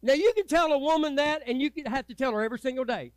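A man preaching a sermon as pastor, folksy and swinging from loud urging to low, quiet asides. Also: quick pace, no echo. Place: church sanctuary.

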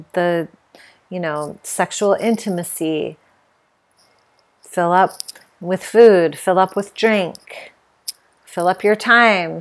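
A middle-aged woman hosts her own podcast in a reflective personal monologue. She speaks candidly and with feeling, often reaching for fillers. Her voice sits slightly low. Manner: candid, emotional, with many fillers. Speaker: podcast host.

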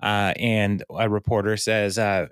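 A man's voice: fairly low pitch, level tone, measured pace, smooth, no room sound, studio quality. A man co-hosting a podcast, casually retelling a sitcom episode by quoting the characters, with fillers and laughs along the way. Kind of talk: casual chat.

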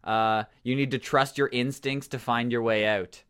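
A man co-hosting a podcast, teasing his friend and reading out dream meanings in halting casual chat. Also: mid-range voice, fairly even intonation, a bit bright, smooth. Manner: teasing, halting with fillers and restarts. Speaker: podcast co-host.

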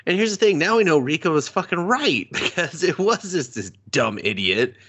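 Animated, foul-mouthed man recapping anime. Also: on the high side, normal speed, slightly rough. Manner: profane, animated, acts out quotes. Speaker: podcast co-host. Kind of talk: casual anime recap chat.

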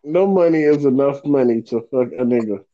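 A man's voice: medium pitch, warm tone, highs cut off. A man co-hosting a podcast, giving blunt, profane answers in casual banter. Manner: blunt, profane, drawn-out retorts. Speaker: podcast co-host. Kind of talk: casual chat.

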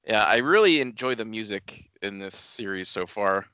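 Laid-back young man, bright voice. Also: lowish voice, animated, moderate pace, smooth, no room sound. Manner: laid-back, explains the plot for listeners, calls his friend buddy. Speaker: podcast co-host. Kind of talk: casual chat recapping a cartoon. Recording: dull, slightly lo-fi dry sound.

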